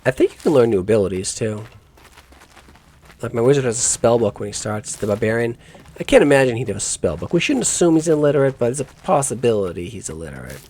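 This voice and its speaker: A man's voice: medium pitch, very animated, fast, darkish tone, breathy edge. A man giving let's play commentary on a game, musing aloud in rambling asides and correcting himself as he goes. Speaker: gaming YouTuber.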